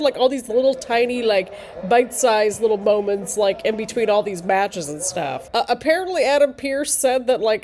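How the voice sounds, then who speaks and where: Chatty woman reacting to wrestling live. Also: fairly high pitch. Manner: chatty, excitable, many fillers and restarts.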